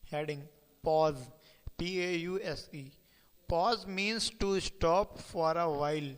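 A man's voice: a little high, a bit bright, big-room sound, slight background noise, low-quality recording. A man, reading a textbook lesson aloud like a teacher, dictating headings and spelling out words.

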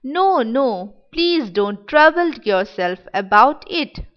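A woman's voice: sits high, big pitch swings, slow pace, lo-fi sound, exaggerated voice. Woman reading as a wistful sick little boy. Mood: eager. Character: sick young village boy, wistful and eager. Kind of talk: dramatic reading of a play.

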